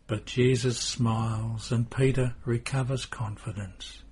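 Male narrator for a story reading, measured and unhurried, raspy tone. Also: mid-range voice, steady tone.

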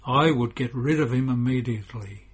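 A man's voice: medium pitch, normal speed, husky, natural voice. A man voicing a blunt, hot-headed disciple in a devotional story, speaking firmly.

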